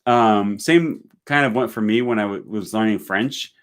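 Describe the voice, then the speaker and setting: A man with a somewhat low voice hosts a relaxed livestream from home. He reads out viewer comments and answers them in an easygoing, meandering way, full of fillers and restarts. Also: normal speed. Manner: relaxed, chatty, many fillers, reads comments aloud in several languages. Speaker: livestream host. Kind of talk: casual livestream chat reading viewer comments.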